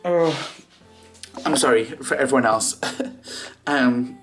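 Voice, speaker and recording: A man's voice: mid-range voice, slow pace, a bit bright, faint music behind. A man vlogging at home at night, chatting casually and tripping over his words with restarts. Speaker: vlogger, co-host. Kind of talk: casual chat.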